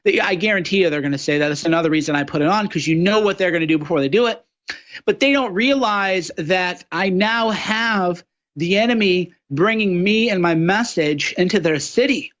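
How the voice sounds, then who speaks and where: Man, high voice, talk show guest host, mocking monologue, slightly muffled lo-fi audio. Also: normal speed, fairly bright tone. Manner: mocking, slips into sneering impressions of opponents.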